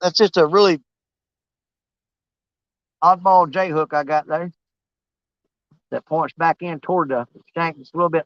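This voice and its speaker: Fishing vlog host, man, high voice, loose and self-mocking, dry, slightly muffled sound. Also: fairly bright tone, no room sound. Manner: rambling, joking, self-mocking. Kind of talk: casual outdoor vlog talk. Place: outdoors while fishing.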